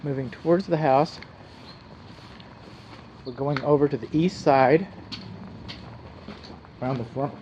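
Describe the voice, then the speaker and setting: A man's voice: mid-range voice, slow, pauses often, darkish tone, highs cut off, slight background noise. A man with a Texan accent working as a home inspector, explaining things plainly as he walks around a house outdoors. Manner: folksy, explains plainly while walking. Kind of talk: casual walkthrough narration.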